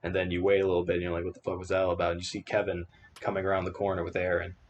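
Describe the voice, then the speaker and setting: Male podcast co-host, low-pitched, playful scenario-teller, slight noise behind. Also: completely flat delivery, rapid-fire. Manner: spins silly hypothetical scenarios, laughs often. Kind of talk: casual chat among friends.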